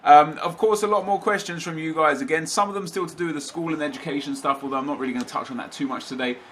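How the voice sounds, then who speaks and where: A young man hosts his gaming channel, chatting casually from his home office. His voice is bright and forward, with a slightly stuffy nose. He rambles, restarts sentences and wanders into asides. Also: on the high side, fast talker, slight background noise. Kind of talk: casual chat to camera.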